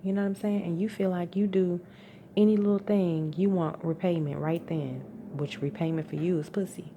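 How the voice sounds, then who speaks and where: Weary low-voiced woman venting. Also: fairly even intonation, normal speed, phone-quality sound, slight background noise. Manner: venting, exasperated, profane, rising to outbursts. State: tired. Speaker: vlogger venting. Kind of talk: emotional personal rant.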